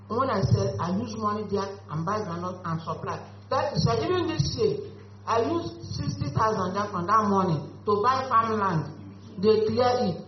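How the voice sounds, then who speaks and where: Earnest woman in echoey room. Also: medium pitch. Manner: earnest, emphatic, broken grammar. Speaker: beneficiary giving testimony. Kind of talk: earnest spoken testimony. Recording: echoey room, dull lo-fi audio, faint hum.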